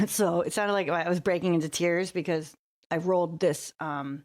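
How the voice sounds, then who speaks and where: A woman's voice: fairly low pitch, fairly even intonation, normal speed, darkish tone. Teasing woman podcast co-host. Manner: teasing, probing questions. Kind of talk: casual chat.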